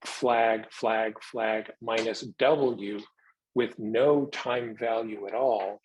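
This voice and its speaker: A man giving a technical presentation, explaining new software features in a measured way and taking questions. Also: lowish voice, fairly even intonation, a little hiss or hum, low-quality recording.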